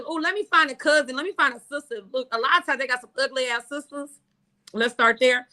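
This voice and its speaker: A young woman hosts a casual talk show in a high, bright voice. She is brash and profane and tells her stories with animated swings in her delivery. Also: fairly quick. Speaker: podcast host. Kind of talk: casual chat.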